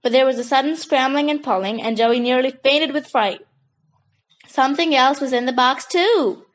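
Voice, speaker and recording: Lady reading a kids' chapter book, steady, high voice. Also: normal speed, rough recording. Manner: steady storytelling. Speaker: audiobook narrator. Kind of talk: scripted children's book narration.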